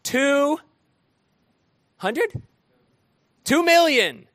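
Animated high-voiced male preacher. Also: very slow, no room sound, studio quality. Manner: animated, asks the room questions. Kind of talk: interactive sermon.

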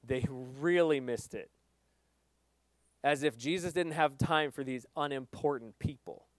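A middle-aged male pastor preaching with earnest emphasis, swinging between loud stresses and quiet asides. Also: mid-range voice, unhurried, no room sound. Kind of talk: sermon.

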